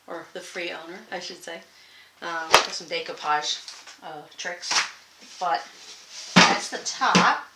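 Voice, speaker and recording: A sewing channel host records a casual vlog from her sewing room, folksy and rambling and laughing often. Her voice sits on the low side and sounds pushed and bright. The room is echoey, with faint noise.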